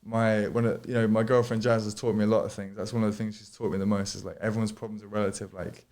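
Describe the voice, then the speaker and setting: Man, podcast guest, low-set voice, loose rambling delivery full of fillers. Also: little pitch movement, fast talker, darkish tone. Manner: rambling, many fillers and restarts, swears freely. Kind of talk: casual podcast chat. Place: studio.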